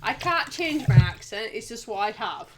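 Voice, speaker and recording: Yorkshire woman, casual co-host chat, fairly high voice, quick to laugh, foul-mouthed. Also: big pitch swings, background noise. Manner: laughs often, swears freely. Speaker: stream guest.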